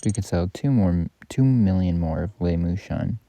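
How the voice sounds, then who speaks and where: A man with a deep, rough, fry-laden voice talks through a game he is playing. He rambles casually and corrects himself often. A heavy hiss of noise sits under the recording. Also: moderate pace. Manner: rambling, self-correcting, offhand. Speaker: gaming YouTuber. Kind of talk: casual gameplay commentary. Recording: loud background noise.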